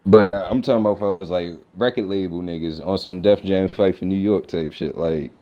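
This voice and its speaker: A man co-hosting a podcast in casual chat, telling stories in an animated, slangy, emphatic way. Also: sits low, normal speed, muffled recording. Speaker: podcast co-host.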